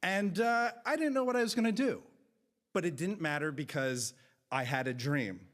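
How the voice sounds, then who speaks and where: A man in his thirties from New Jersey, telling a personal story with comic timing and big jumps in pitch. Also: normal speed, a bit bright.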